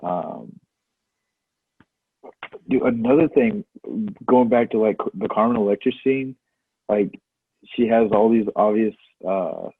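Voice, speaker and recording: Husky laid-back guy on a tinny line. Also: lowish voice, big pitch swings, slow, pauses often, dry recording. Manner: laid-back, says "dude" a lot. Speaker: podcast co-host. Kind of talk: casual movie chat.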